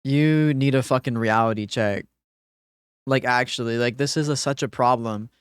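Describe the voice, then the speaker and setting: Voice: medium pitch, moderate pace, smooth, dry recording, clean studio sound. A game streamer on a livestream, talking back to chat in an exasperated, profane rant.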